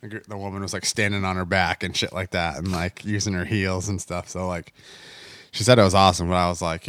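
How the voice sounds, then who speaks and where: Deep voiced guy from the us rambling on in a casual chat, lots of filler, dry close sound. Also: steady tone, a little fast, a bit bright, dry recording. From United States. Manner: rambling, heavy on fillers like "you know what I mean".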